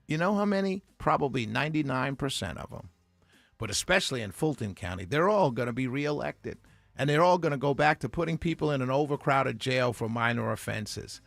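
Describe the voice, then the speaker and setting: A man's voice: medium pitch, animated, brisk, gravelly, a bit bright, dry recording, soft background music. A man hosting a radio talk show, ranting passionately and sarcastically into a studio microphone. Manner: heated, sarcastic, laughs between points. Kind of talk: impassioned on-air rant.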